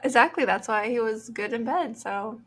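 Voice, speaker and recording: A woman's voice: fairly high pitch, normal speed, husky. A woman co-hosting a podcast in casual chat, reacting with disbelief and asking questions. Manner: incredulous, asks questions. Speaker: podcast co-host.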